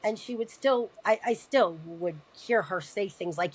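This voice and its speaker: A woman recounting a personal family story in a podcast interview, halting and repeating words as she talks, earnest and emotional. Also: medium pitch, husky, rough recording. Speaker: podcast guest.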